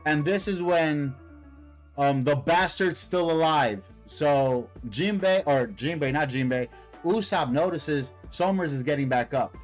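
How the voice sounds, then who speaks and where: A man's voice: a little high, measured pace, faint music behind. A man hosting a casual live stream, reading a comic aloud and commenting in a slangy, hyped, rambling way. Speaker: streamer, host.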